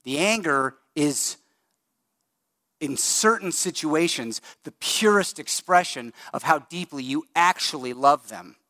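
A middle-aged male pastor preaching a sermon in a conversational, animated way, speeding up and slowing down for emphasis. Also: on the high side, no echo, studio quality. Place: church sanctuary.

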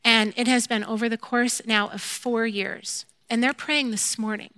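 A woman gives a personal faith testimony in a bright, ringing voice. She is candid and self-deprecating and acts out her own quoted lines with lively animation. The recording is dry and close. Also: fairly high pitch, moderate pace, no room sound. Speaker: mother sharing a faith testimony.

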